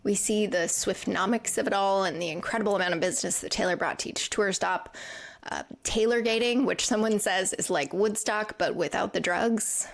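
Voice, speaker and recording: Female podcast host, mid-pitched with vocal fry, earnest and reflective storyteller. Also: brisk. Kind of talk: scripted recap narration. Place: lives in England.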